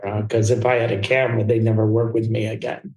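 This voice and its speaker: A man guest in an interview, telling a personal story in fast, tumbling anecdotes full of restarts. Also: on the low side, flat delivery, darkish tone. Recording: roomy echo.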